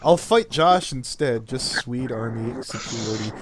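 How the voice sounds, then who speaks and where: A man hosting a casual stream chat, laid-back and crude, often trailing off into a low mutter. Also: lively intonation, moderate pace, heavy background noise. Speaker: podcast host.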